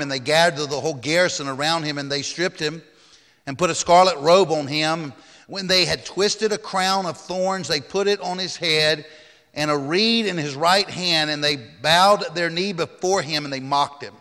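A man's voice: a little high, sharp tone, big-room sound. A man pastor preaching a sermon, reading scripture aloud dramatically and raising his voice on the quoted cries.

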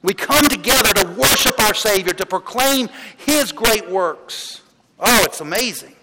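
A pastor preaching a sermon in a church, talking in a chatty storytelling way, with restarts and laughs. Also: male voice, high voice, animated, measured pace. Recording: long hall reverb, loud background noise.

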